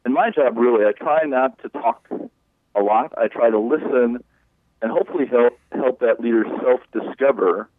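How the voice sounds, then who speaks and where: A folksy man explaining coaching work down a thin, tinny phone line, sounding dry and close. He talks in a relaxed, conversational way, slipping into little acted-out quotes. His pitch sits at an ordinary middle height. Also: moderate pace, no room sound. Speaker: leadership coach. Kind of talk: explaining in an interview.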